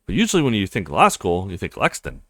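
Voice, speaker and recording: A friendly young woman law student from a visual novel who asks lots of curious, polite questions, as a man voices her. Her lines swing widely in pitch and are recorded dry and close. She sounds chatty and easygoing. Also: wildly swooping pitch, fast, fairly bright tone, dry recording, exaggerated voice.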